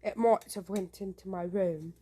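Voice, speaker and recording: A young woman films herself on a phone inside a small home at night. She talks nervously in a hushed, rambling way and swears casually. Her voice sits in a mid range with a mellow, soft tone. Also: medium pitch, fairly even intonation, normal speed, slightly rough. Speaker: vlogger. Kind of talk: casual handheld vlog.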